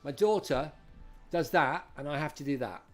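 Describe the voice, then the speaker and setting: A man's voice: a little high, moderate pace, faint music behind. A middle-aged man hosting a live-streamed retro quiz, chatting and greeting viewers by name as he reads out questions. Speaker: host.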